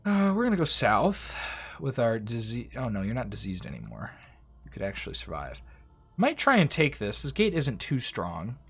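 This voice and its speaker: A man's voice: mid-range voice, wildly swooping pitch, moderate pace, vocal fry, a bit bright, breathy edge. A man giving casual, chatty commentary while he plays a strategy game, often talking to the units on screen. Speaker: gameplay commentator. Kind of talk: casual let's-play commentary. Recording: faint music behind the voice. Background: faint game music.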